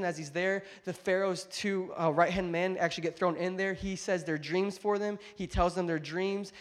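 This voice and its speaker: Man preaching a storytelling sermon. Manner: preaching that swells to loud, high-pitched climaxes then drops soft and low; conversational asides and jokes to the congregation. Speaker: pastor.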